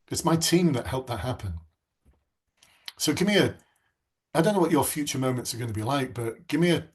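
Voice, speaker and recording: A husky, medium-pitched man coaches police recruits in a live online class. He tells stories earnestly and passionately, frequently restarting his sentences.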